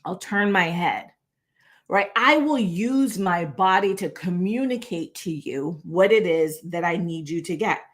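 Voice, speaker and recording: A woman presenting a casual video lesson on speaking, talking in an animated, conversational way and often asking "right?". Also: lowish voice, unhurried. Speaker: presentation coach. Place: indoor room, moving between standing and seated. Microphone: on-camera recording.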